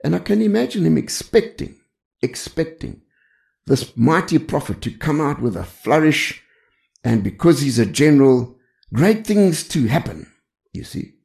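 An older male preacher tells humorous anecdotes in a conversational sermon. His voice is deep with heavy gravel and a mellow warmth. His pitch rises and falls in lively swings. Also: a little slow. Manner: frequent "you see" asides. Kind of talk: storytelling sermon.

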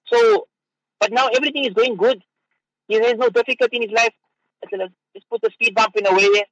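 A man, a mufti, giving an unscripted religious talk on the radio, halting with fillers and repeated words. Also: high voice, animated, a bit bright, dry recording, highs cut off.

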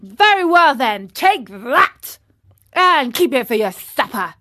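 A woman's voice: fairly high pitch, expressive, slow pace, fairly bright tone. A woman voicing a gang of rowdy, teasing schoolboys in a storybook reading, jeering and boastful.

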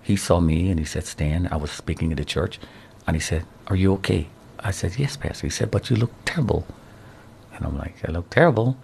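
A middle-aged man giving his testimony in an interview, telling it with animated storytelling and a preaching tone. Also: low voice, fairly quick, vocal fry, a little hiss or hum. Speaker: interview guest, survivor.

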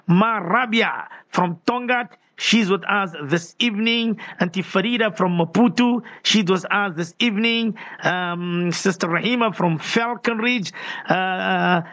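A man hosting a call-in radio show, his voice high for a man. He reads a number out slowly, over and over, and greets listeners one by one. The studio sound is dry and close. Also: pushed and bright, no echo. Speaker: radio host.

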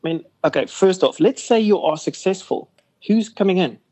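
Man, somewhat high voice, rambling, filler-heavy, business chat. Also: lively intonation, moderate pace, dark tone, breathy edge, poor audio. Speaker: investment company CEO guest. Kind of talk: casual radio business interview.

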